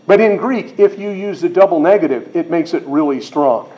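A man's voice: a little high, moderate pace, dull audio. A middle-aged man preaching a sermon as pastor, explaining scripture verse by verse and acting out quoted voices.

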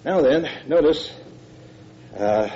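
An older man preaches a verse-by-verse sermon in a loose, conversational way, pressing his points with emphasis and stumbling through fillers and restarts. His voice is dark and mellow. The recording is a dull, muffled old tape with a faint low rumble underneath. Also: animated, slow pace.

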